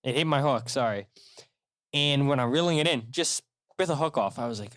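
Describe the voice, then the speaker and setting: A man's voice: mid-range voice, brisk, dry recording, studio quality. A man hosting a solo podcast in a casual, rambling way, full of fillers and restarts as he tells stories. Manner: rambling, animated storytelling with many fillers and restarts. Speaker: podcast host.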